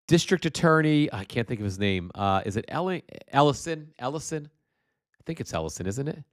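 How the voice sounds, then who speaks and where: Slow, impassioned man with a congested voice. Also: a little high. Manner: impassioned, emphatic, profane. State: congested with postnasal drip. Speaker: livestream host. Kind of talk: political livestream commentary.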